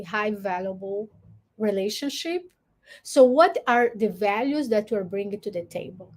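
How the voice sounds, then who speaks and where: A woman hosting a live stream, giving earnest, encouraging relationship advice in a deliberate way. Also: fairly high pitch. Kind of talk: motivational live talk.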